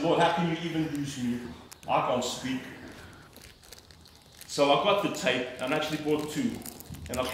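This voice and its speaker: A man's voice: medium pitch, heavy reverb, recorded from a distance, a little hiss or hum, poor audio. A middle-aged man giving an earnest, emphatic personal testimony from the pulpit of a church. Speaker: lay preacher giving testimony.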